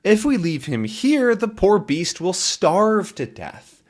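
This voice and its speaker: A man's voice: sits high, big pitch swings, takes it slowly, pitched above the performer's own voice, full character voice. Man reading a brave young comic hero. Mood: reassuring. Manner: reassuring, upbeat. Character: brave cheerful young male reporter hero.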